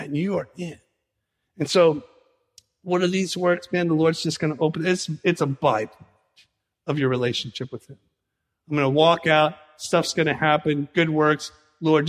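A male pastor preaching a sermon in an animated way, acting out conversations as he teaches. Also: on the high side, brisk, big-room sound. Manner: animated preaching, acts out dialogue with Jesus.

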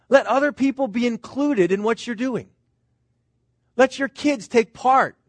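A man's voice: very high voice, no echo. A middle-aged man, a pastor, preaching a sermon in an earnest, conversational way, full of rhetorical questions to the congregation.

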